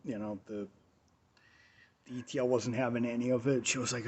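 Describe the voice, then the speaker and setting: A man hosting a talk radio show, telling a personal story in a rambling way, repeating phrases and filling pauses. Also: mid-range voice, fairly even intonation, breathy edge. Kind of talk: casual storytelling monologue.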